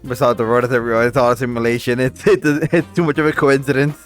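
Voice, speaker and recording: A man co-hosting a casual live-streamed talk show, joking around quickly and reading out viewer comments. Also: mid-range voice, steady tone, faint music behind. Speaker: co-host.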